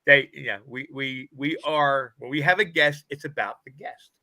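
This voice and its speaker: Bright emphatic male talk show co-host. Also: medium pitch, moderate pace, no room sound. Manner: emphatic, repeats words as he builds a point. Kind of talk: casual banter on a live talk show.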